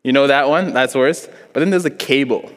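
A young man from Africa preaches to a congregation in a hall with a long, ringing reverb. He talks in a lively, joking way and puts on voices as he tells his story. His voice sits at a middling pitch. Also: moderate pace. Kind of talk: sermon with storytelling. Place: church hall before a congregation.

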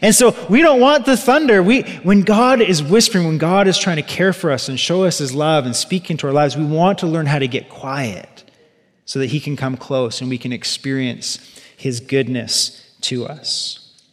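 A man preaching a sermon as pastor, animated, acting out quoted voices. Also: fairly high pitch, moderate pace. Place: church sanctuary. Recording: long hall reverb.

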